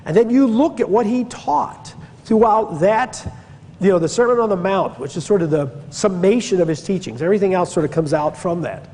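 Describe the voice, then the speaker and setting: A man's voice: high voice, animated, normal speed, dark tone, long reverb tail, slight background noise. A man from Pennsylvania teaching church history in a conversational lecture, digressing and stressing key words. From Pennsylvania, USA. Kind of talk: classroom-style Bible lecture.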